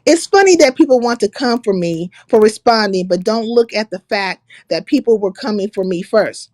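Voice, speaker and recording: A woman's voice: mid-range voice, lively intonation, moderate pace, darkish tone, no echo. A woman hosting a livestream, casually reading out another creator's words and rebutting them with blunt, profane sarcasm. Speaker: livestream host.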